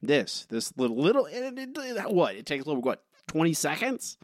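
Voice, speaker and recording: A man's voice: a little high, very animated, normal speed, no room sound, studio quality. A man co-hosting a podcast in casual chat, rambling animatedly with lots of filler words. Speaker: podcast co-host.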